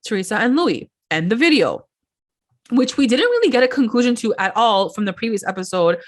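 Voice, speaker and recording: A woman's voice: a little high, big pitch swings, brisk. Chatty woman recapping reality TV. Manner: chatty, acts out quotes, many "like"s, laughs often. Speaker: podcast co-host. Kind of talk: casual pop-culture recap chat.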